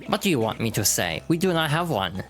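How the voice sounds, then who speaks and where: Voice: mid-range voice, very animated, brisk, soft background music, voice pushed up, lightly acted. A streamer voicing a curt, stubborn bomb-creature official who speaks broken English.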